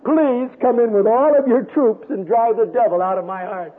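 An older man voicing a pleading little boy with a Southern US accent, praying slowly and earnestly. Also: very high-pitched, narrow, tinny audio, pitched above the performer's own voice.

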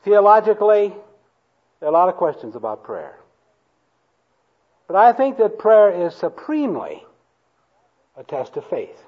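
A man preaching a sermon to a congregation, slow and emphatic, having them repeat lines after him. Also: high voice, very animated, lo-fi sound. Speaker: pastor. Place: church hall before a congregation.

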